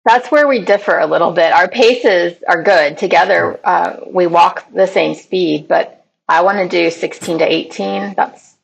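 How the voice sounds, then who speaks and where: A woman's voice: on the low side, unhurried, gravelly, husky, rough recording. A woman answering questions plainly in a casual podcast chat about hiking. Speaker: hiker guest.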